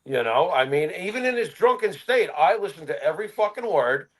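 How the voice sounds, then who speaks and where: Lively high-voiced man telling wrestling stories. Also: a little fast. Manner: animated storytelling, acts out quotes with laughs. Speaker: podcast co-host. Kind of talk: casual chat.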